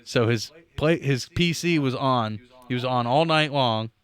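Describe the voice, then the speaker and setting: A man's voice: medium pitch, measured pace, clear, resonant tone. A middle-aged man co-hosting a podcast, casually telling a game story with swearing and mouth sound effects. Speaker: podcast co-host. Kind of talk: casual chat.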